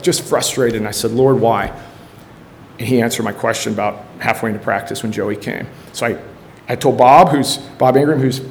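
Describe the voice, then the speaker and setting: A middle-aged man shares an earnest testimony from a church, telling stories in a plain, mid-pitched voice. He acts out remembered quotes with sudden bursts of energy. A faint rumble sits under the recording. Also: a little mellow. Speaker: high school football coach and ministry leader.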